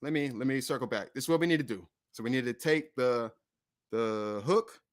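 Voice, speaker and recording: A man's voice: medium pitch, normal speed. A man hosting a casual music livestream, talking in a loose, rambling way with swearing and frequent self-corrections. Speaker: streaming show host and rapper.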